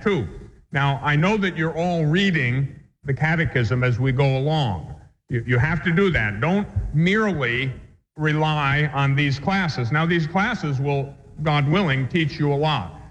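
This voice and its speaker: A man, a priest, teaching a catechism class in an earnest, measured way, with homely examples. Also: a little high. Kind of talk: spoken catechism lesson. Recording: muffled recording with long hall reverb.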